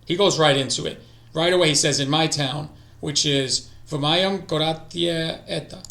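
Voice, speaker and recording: Gravelly-voiced man muttering through a stream. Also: a little high, normal speed. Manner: talks to himself, drifting into quiet mutters. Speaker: streamer learning languages. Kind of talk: casual live-stream study session. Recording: echoey room.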